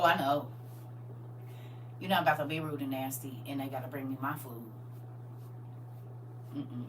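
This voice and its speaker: A middle-aged woman hosting a livestream, chatting casually and emphatically and laughing often. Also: deep voice. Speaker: livestream host. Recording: distant mic with faint hum.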